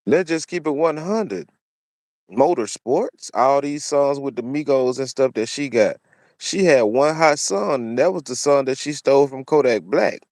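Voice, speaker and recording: With lively intonation and a measured pace, a man of medium pitch and slightly mellow tone hosts a commentary channel. He preaches opinions and repeats phrases for emphasis; the studio sound is clean, with no echo.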